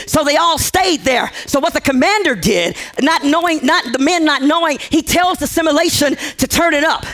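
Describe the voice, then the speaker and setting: A man preaching a sermon, telling a story with repeated phrases, acting out the characters' lines and shouting at the peaks. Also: extremely high pitch, moderate pace, hardly any pauses. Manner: acts out characters' quoted lines.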